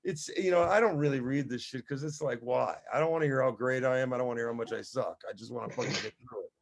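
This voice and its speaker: A man in his sixties, a musician guest, telling stories in casual, profane, animated chat. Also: mid-range voice, fast, creaky. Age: 60s. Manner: profane, animated storytelling with voiced asides.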